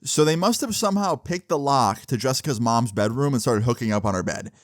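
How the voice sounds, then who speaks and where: A young man recounts a story in a loose, chatty storytime style, full of fillers and casual swearing. His voice sits at an ordinary middle pitch. The sound is dry and close, with no room echo. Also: animated, brisk.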